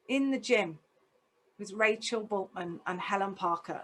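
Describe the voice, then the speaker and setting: A woman's voice: medium pitch, a little slow, a bit bright. A woman telling a personal story in a talk, intense and emotional, putting direct questions to her listeners. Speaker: speaker.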